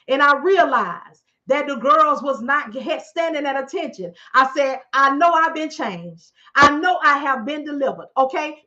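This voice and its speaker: A middle-aged woman holds court on her own livestream, bright and fairly high-pitched, telling stories in a chatty, animated way. She keeps checking in with her viewers. The stream audio sounds dull and lo-fi. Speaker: livestream host. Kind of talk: casual storytelling on a livestream.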